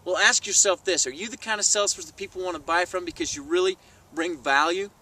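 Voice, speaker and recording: Man, vlog storytelling, high voice, bright tone, a bit distant from the mic outdoors. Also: fast. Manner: animated, acts out quoted people. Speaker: sales trainer.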